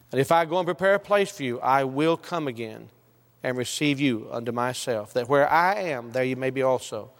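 A man preaching a sermon, quoting scripture and last words, swelling to impassioned highs and dropping low. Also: big-room sound.

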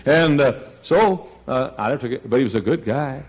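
An older man preaching a sermon, telling folksy stories and swinging between quiet asides and loud, high exclamations. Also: animated, moderate pace, breathy edge, lo-fi sound. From East Texas. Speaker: pastor.

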